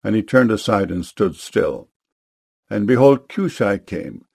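A man reading scripture aloud in a steady, solemn manner. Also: fairly low pitch, a little slow, creaky, breathy edge, dry recording, studio quality. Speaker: Bible reader.

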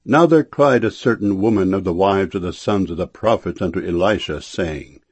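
A man giving a solemn scripture reading, raising his pitch and volume dramatically for quoted speech. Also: moderate pace, few pauses. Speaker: scripture reader.

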